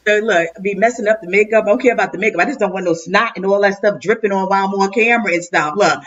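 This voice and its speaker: A woman's voice: medium pitch, rapid-fire. A woman host giving a heartfelt, effusive tribute over a video call, often stumbling and repeating her words. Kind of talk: emotional live-stream tribute speech. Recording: dull lo-fi video call audio.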